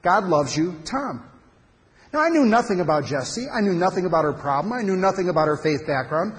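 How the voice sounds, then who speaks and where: A man with a high voice tells a personal story to a men's gathering, emphatic and animated, with pauses for effect. His words echo through a large hall with a long reverb. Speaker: speaker at a men's conference. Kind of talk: storytelling talk to an audience.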